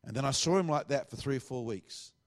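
A man's voice: mid-range voice, brisk. A middle-aged man, a pastor, earnestly telling a testimony and acting out the dialogue he quotes.

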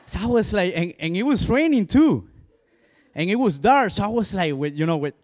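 This male pastor speaks with a heavy Spanish accent, Spanish being his native tongue. His high-pitched voice moves at a moderate pace through an animated personal testimony, sprinkled with "you know" asides.

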